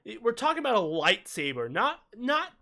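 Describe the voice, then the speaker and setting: A man co-hosting a casual livestream discussion, talking in an animated, ranting way with quick asides. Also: very high voice. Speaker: watch-party co-host.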